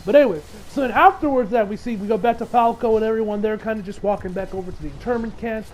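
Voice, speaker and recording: An anime reviewer recaps an episode loosely and ramblingly, swearing freely and acting out the characters' lines. He talks fast in a high-pitched voice, on a low-quality recording.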